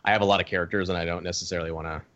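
A man's voice: low voice, little pitch movement, rapid-fire, fairly bright tone, no room sound, dull audio. A man running a tabletop game, chatting casually and encouragingly with his players after a stream. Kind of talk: casual post-game chat.

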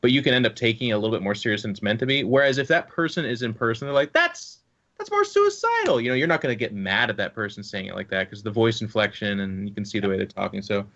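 A man chatting casually with fellow players, telling animated stories and swearing freely. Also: fairly low pitch, racing, hardly any pauses, dull audio. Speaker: tabletop game player and streamer. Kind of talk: casual chat, storytelling.

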